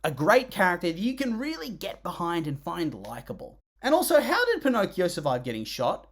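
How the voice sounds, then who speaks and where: Film reviewer, comedic scripted narration, sarcastic, exasperated, very lively pitch swings. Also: a little fast. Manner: groans and sighs in disgust.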